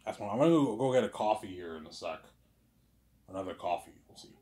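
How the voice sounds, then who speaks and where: Rambling man with a lowish voice. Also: animated, fast talker, mellow. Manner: repeats "obviously" and "you know what I'm saying", stumbling restarts, crude slang. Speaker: vlog host talking to camera. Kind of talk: rambling casual monologue.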